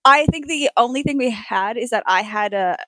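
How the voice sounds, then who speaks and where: A woman chatting casually and relaxed, laughing as she talks. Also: on the high side, moderate pace, no echo. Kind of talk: casual chat.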